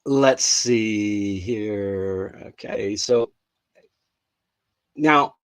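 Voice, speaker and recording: Hosting a live English lesson, a man speaks extremely slowly in a lowish, clear, resonant voice. He is loose and rambling, restarting often, and acts out example phrases with emphasis.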